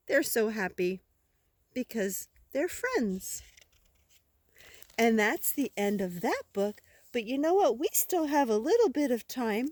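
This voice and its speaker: Slow, lively older woman reading a storybook. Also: a little high, dry recording. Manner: slow, gentle and lively, with gasps and questions to the listener. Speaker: grandmother reading to a child. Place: outdoors by woods.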